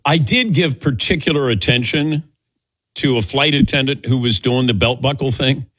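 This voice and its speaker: A man hosting a talk show, telling animated stories and acting out the people in them with a laugh. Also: medium pitch, normal speed, husky, no echo. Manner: animated storyteller, acts out quotes, laughs often. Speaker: radio show host. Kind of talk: casual on-air banter.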